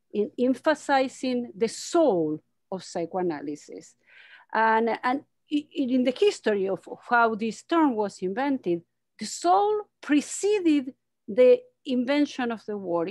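A woman psychoanalyst giving an academic lecture over a video call, reading from a script in an earnest, measured way and stressing key words. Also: a little high, a little mellow, no room sound, studio quality.

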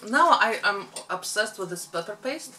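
A woman's voice: medium pitch, animated, normal speed, noisy background. A woman co-hosting a family eating show at home, chatting casually and explaining cooking tips between bites. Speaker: mukbang co-host.

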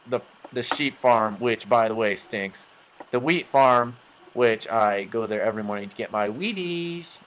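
A man's voice: medium pitch, fairly bright tone, slight background noise, low-quality recording. A man hosting a game let's play, talking casually with rambling, jokey, self-mocking asides. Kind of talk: casual gameplay commentary.

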